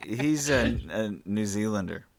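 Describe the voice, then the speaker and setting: A man with a fairly low voice running a tabletop role-playing game. He talks casually and loosely, swearing freely as he describes scenes and speaks for the characters. The tone is easygoing, with plenty of hesitation. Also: lively intonation, measured pace, background noise. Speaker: game master.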